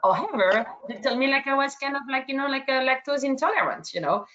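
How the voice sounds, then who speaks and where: A woman's voice: high voice, lively intonation, fast talker, fairly bright tone, muffled recording. A woman from France with a slight French accent, moderating an online webinar Q&A in a hesitant way, full of fillers and restarts.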